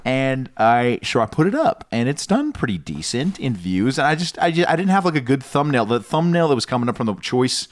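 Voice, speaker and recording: Young male co-host, mid-pitched, very animated, teasing and incredulous. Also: brisk, hardly any pauses. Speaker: podcast co-host. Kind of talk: crude comedic podcast banter.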